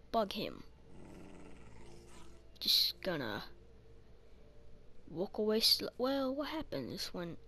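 A woman's voice: medium pitch, fairly bright tone, slight background noise. A woman casually commenting while playing a game, muttering to herself and swearing often. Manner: slow, muttering, swears a lot. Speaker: gaming channel host. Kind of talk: casual let's-play commentary.

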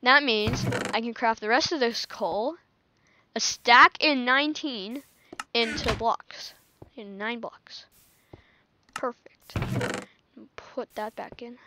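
A woman's voice: on the high side, slow, pauses often, noisy background. A woman giving casual gameplay commentary, chatting to herself and laughing often as she plays. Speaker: gaming channel host.

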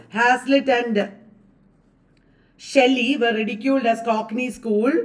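A woman lecturing at a slow, deliberate pace and drilling her students through exam questions. Her fairly high voice sounds a little removed from the microphone, as in a classroom recording. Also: recorded from a distance. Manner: quizzing students with repeated questions. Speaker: English literature exam coach.

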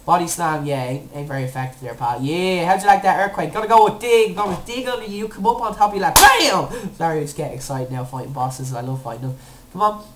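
A young woman commentating her own gameplay, excitable, with squealing cheers and playful made-up words. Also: deep voice, quick pace, few pauses, slight background noise. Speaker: let's play gamer.

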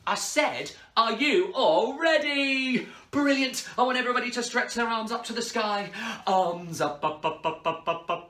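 A woman's voice: fairly high pitch, animated, unhurried. A young adult woman hosting a children's party show, playful and giggly, calling out prompts for the kids to answer. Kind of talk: energetic kids' show hosting. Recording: echoey room with loud music.

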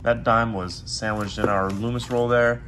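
A man talks through a hobby coin hunt in a relaxed, chatty way and gets excited when something turns up. His voice sits a little low and sounds worn, since he is losing it. A faint hum of the room stays under him. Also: moderate pace. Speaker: coin roll hunting channel host. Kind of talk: casual hobby vlog narration.

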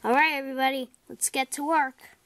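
A woman's voice: high voice, steady tone, fairly quick, fairly bright tone, voice pushed up. A woman voicing a stout, bossy railway controller who commands and scolds his engines in a fan-made toy train story.

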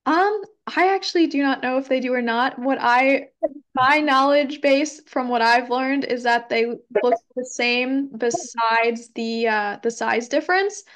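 Young woman, fairly high voice, casual educational talk, lots of ums, hedging, conversational. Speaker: environmental educator giving a talk. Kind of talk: casual presentation with Q&A.

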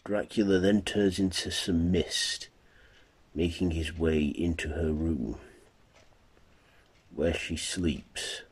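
Slow, deep-voiced male storyteller. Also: steady tone, breathy edge. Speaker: narrator. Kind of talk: amateur fan-fiction reading.

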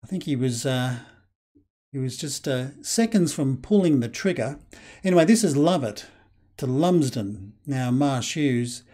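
A Scottish man giving casual, excitable play-by-play commentary over a football management game, with lots of fillers. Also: mid-range voice, unhurried. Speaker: game channel host.

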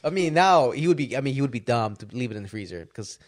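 A man co-hosting a podcast, telling a story in casual, animated chat full of swearing and "dude". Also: mid-range voice, quick pace. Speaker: podcast co-host.

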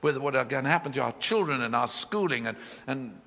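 A man preaching a live sermon in a church, expressive and full of questions to his listeners. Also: medium pitch, quick pace, vocal fry. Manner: expressive, questioning, voices the Bible figures in his retelling. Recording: hall reverb from a live church.

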